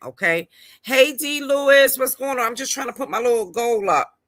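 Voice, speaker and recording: A woman's voice: a little high, lively intonation, a little fast, a bit bright, no room sound. A woman hosting a casual livestream. She greets her viewers by name and stresses her points by repeating words. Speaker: livestream host. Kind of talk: casual live-stream chat.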